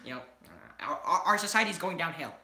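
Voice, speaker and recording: A man mimicking a stuffy young man, lecturing in a dour, lowered voice. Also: lively intonation, fast, pushed and bright. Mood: disapproving. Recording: echoey room.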